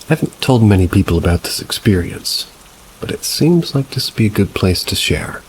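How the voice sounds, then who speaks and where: Deep-voiced man narrating ghost stories. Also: expressive, normal speed, slight background noise, poor audio. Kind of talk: scripted narration. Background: rain.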